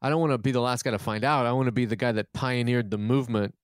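A male comedian in loose conversation, circling his thoughts with false starts and self-mockery. His voice sits at an ordinary middle pitch, recorded close and dry with no room sound. He swears freely and livens up when acting out a scene. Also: quick pace, dry recording. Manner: rambling, self-deprecating storyteller with many restarts; profane and animated when retelling scenes. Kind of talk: casual podcast chat.

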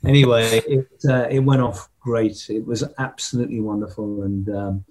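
A man's voice: lowish voice, level tone, moderate pace, darkish tone. An older man telling a story in conversation as a rock drummer guest, reminiscing with emotion and humming drum rhythms.

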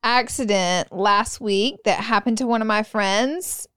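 Woman cohost chatting, smooth clear voice, kinda high, super expressive, dry close sound. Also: no echo. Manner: expressive, quick to react with gasps and laughs. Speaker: podcast co-host. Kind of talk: casual chat.

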